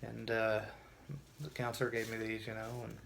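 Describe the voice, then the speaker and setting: A man's voice: on the low side, completely flat delivery, moderate pace, gravelly, a bit bright, a little hiss or hum. A man telling his own story in a casual vlog, earnest and emotional, often restarting his sentences.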